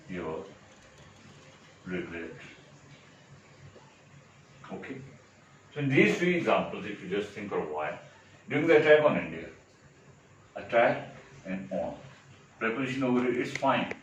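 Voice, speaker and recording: Male teacher, lowish voice, explains patiently with rhetorical check-ins, distant mic in a hollow echoey room. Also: dull audio, slight background noise. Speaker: English teacher. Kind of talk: exam-prep grammar lecture.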